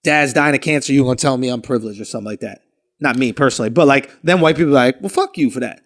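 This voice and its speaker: A man's voice: medium pitch, very fast. A man co-hosting a podcast in casual chat, arguing his point at length in a blunt, profane way. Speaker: podcast co-host.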